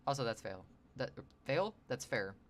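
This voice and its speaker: A man's voice: medium pitch, sing-song, moderate pace, a bit bright, slight background noise. A man streaming his drawing session, rambling and joking with his chat. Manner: rambling, jokey, talks to chat. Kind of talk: casual livestream chat while sketching.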